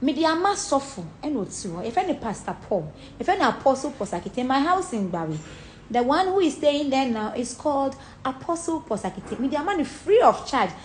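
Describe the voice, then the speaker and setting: A young Ghanaian-accented woman, a celebrity, leads a home tour on camera in a high voice with big pitch swings, talking fairly quickly. Slight background noise sits under her casual, animated chatter, which is blunt, sweary and mixes Pidgin and Twi.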